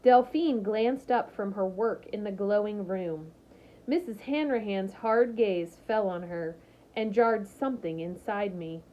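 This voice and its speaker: A woman reading a novel aloud, narrating steadily and expressively. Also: a little high. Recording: slightly muffled lo-fi recording.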